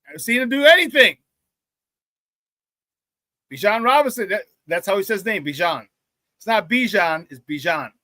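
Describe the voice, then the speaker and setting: A man's voice: high voice, sing-song, moderate pace, pauses often, bright, forceful tone, no room sound. A man hosting a live sports talk stream, reading chat comments and ranting bluntly, often laughing at his own jokes. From Chicago area.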